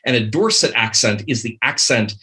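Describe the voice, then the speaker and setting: Guy on a podcast, bright tense voice, lots of ums and restarts. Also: medium pitch, animated, normal speed. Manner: rambling, many fillers and restarts. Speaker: podcast guest. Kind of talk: casual chat.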